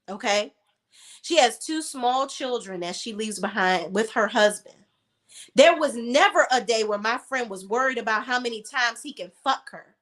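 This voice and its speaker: High-voiced woman ranting about a reality show, blunt, cussing, gets emotional. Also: fairly bright tone. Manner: blunt, heated and profane; emotional while telling a personal story. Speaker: reality TV recap vlogger. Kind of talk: reality TV recap commentary.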